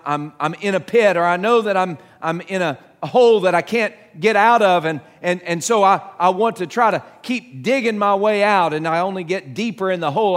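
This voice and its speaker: High-voiced male pastor in a reverberant hall. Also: fairly bright tone. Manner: earnest, halting with many restarts, asks the listeners questions. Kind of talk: sermon.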